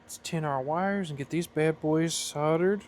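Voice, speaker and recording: Soldering and building at his workbench, a man makes a flight-sim throttle and offers a casual tutorial, thinking aloud and fixing his own slips along the way. He speaks a little slowly in a fairly high, darkish voice over slight background noise.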